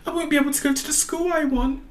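A woman's voice: high-pitched, steady tone, quick pace, lightly acted. A woman voicing an anxious, overworked schoolgirl in an amateur animation, talking in a fretful, frantic way. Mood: panicky.

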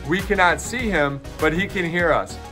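A man in his forties hosting, telling stories in an upbeat, animated way. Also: on the high side, moderate pace. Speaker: host and keynote speaker. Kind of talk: casual storytelling to camera. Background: music bed.

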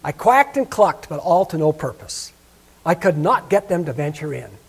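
A man voicing a bossy old female duck who gives brisk, knowing advice. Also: fairly high pitch, very animated, creaky, slightly rough, exaggerated voice.

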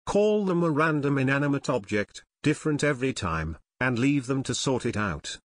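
A man reads a string of online comments aloud in a steady, even read-through, each line following the last at the same pace. His voice sits in a middle register and sounds close and dry, with no room around it. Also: mid-range voice, moderate pace, no echo. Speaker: narrator.

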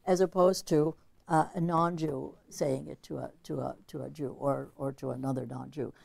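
A woman's voice: low voice, fairly even intonation, moderate pace, gravelly, darkish tone, breathy edge, no echo. A woman giving an academic literature lecture in an analytical, conversational way, thinking aloud as she goes.

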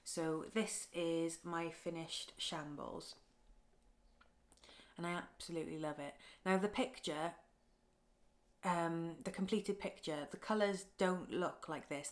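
A woman, chatting tenderly and a little haltingly as she shows her craft work in a casual vlog. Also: lowish voice. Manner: soft, tender, chatty, with halting restarts and ums. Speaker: craft vlogger. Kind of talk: casual show-and-tell vlog.

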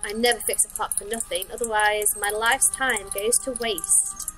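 A woman voicing a fussy, cryptic old male clockmaker who speaks slowly and deliberately. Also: medium pitch, steady tone, bright, forceful tone, soft background music, close to an everyday voice, rough recording.

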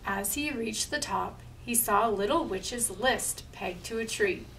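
A woman reads a picture book aloud for storytime, slow and expressive. Her voice is gravelly and pitched a little high. She sounds distant from the mic, with faint room noise behind her. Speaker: library storyteller.

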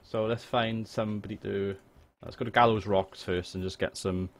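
A man with a Welsh accent chatting jokily and excitably while livestreaming a game, swearing now and then. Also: on the low side, normal speed. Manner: excitable, jokey, swears freely. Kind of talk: casual live gameplay chat. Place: home room.

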